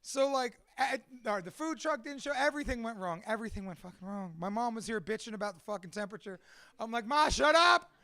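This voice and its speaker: A man with a high, rough voice speaks straight to a live audience, swearing freely and bluntly. His delivery is animated and candid. The sound is close and dry, with almost no room tone. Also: fast talker, dry recording. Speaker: speaker at a live storytelling event.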